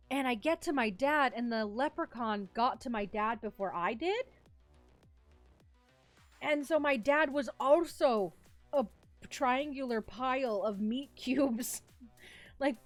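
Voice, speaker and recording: A young woman streamer chatting casually with her live chat, telling a story in a giggly, animated, rambling way. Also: sits high, no room sound. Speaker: vtuber streamer.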